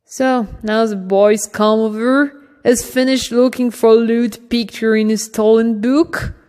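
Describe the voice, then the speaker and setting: A woman's voice: on the high side, steady tone, slow, a little mellow, clear, resonant tone. A woman voicing a desperate old male priest locked in a cage, with a raised, strained way of pleading. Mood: sneering. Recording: long reverb.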